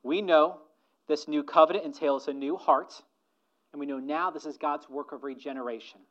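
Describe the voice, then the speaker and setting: A male pastor delivers a sermon in an earnest, questioning way, pressing his listeners with rhetorical asks. His voice sits a little high for a man. The recording sounds dull and lo-fi. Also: fairly even intonation, moderate pace, fairly bright tone.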